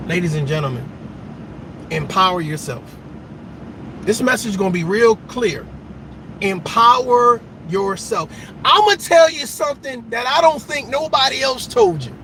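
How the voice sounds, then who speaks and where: A man with a very high, sharp-edged voice gives an impassioned motivational talk. He preaches and repeats himself, hammering each point and often rising to a shout. A faint hum of noise sits behind him. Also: expressive, a little fast, hardly any pauses. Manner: preachy, repetitive, emphatic, breaks into shouts. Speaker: motivational vlogger.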